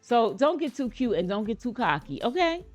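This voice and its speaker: A woman's voice: on the high side, very animated, normal speed, soft background music. An American woman hosting a reaction video, chatting casually and speaking straight to her viewers with playful asides. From United States.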